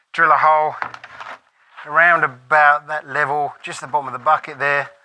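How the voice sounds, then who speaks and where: Cheeky Australian man, very bright voice. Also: medium pitch. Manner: cheeky, joking, casual swearing. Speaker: off-grid farm vlogger. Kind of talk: jokey DIY demonstration.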